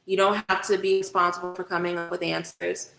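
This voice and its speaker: A woman's voice: fairly low pitch, level tone, a little fast, gravelly, a bit bright, reverberant, faint music behind, low-quality recording. A woman hosting a casual livestream, chatting directly with viewers and giving a tarot reading, swearing freely. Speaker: spiritual reader and livestream host.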